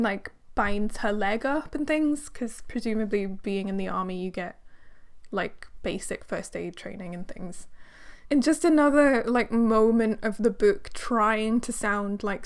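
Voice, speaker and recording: A woman's voice: medium pitch, clear, resonant tone. A young woman reviewing a book in a chatty, sarcastic way, with lots of fillers. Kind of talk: casual book review vlog.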